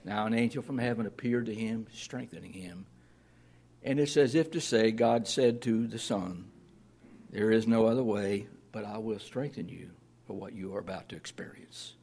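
Husky-voiced man preaching plainly. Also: fairly low pitch, moderate pace, darkish tone. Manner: earnest, plain-spoken preaching with scripture readings. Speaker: pastor. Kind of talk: sermon.

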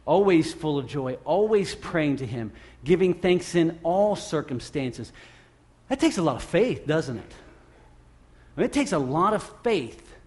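A man's voice: on the high side, sing-song, measured pace, darkish tone. A middle-aged man preaching a sermon in a conversational, self-deprecating way, with emphatic rises. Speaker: pastor.

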